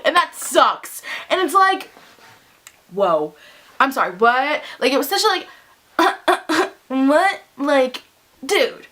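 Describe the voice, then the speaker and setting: A young woman vlogging casually, telling a story animatedly and acting out what people said. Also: extremely high pitch. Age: young adult. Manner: animated storytelling with quoted voices. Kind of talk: casual vlog rant.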